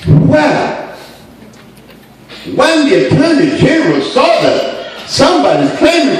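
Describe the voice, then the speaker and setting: Man lecturer, storytelling talk, pitch leaping around, distant mic in a roomy hall. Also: slow pace, long pauses. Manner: animated storyteller, laughing, playful emphasis.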